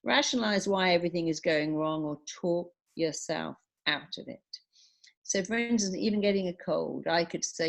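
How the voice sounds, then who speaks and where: A woman's voice: on the low side, moderate pace, gravelly. Emphatic middle-aged woman therapist. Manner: emphatic, persuasive, lively storytelling. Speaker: psychologist and hypnotherapist guest. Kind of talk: radio interview.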